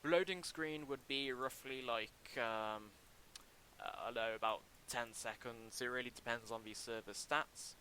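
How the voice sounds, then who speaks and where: A young man casually commenting on a livestream while building a game level, talking in a halting, chatty way with many ums and restarts into a desk mic. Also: mid-range voice, pushed and bright, slight background noise, low-quality recording.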